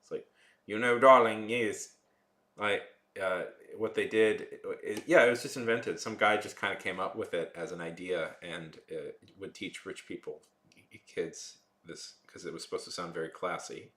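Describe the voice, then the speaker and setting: A man's voice: low voice, steady tone, normal speed, a bit bright, echoey room. A man chatting casually with his live-stream viewers, rambling with lots of fillers.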